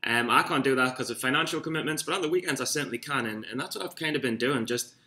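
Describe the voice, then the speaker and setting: A man's voice: medium pitch, quick pace, pushed and bright. A young man from Newcastle with a Geordie accent, rambling and swearing through a casual vlog from his room. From Newcastle, England. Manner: rambling, swearing, self-mocking. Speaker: vlogger. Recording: echoey room.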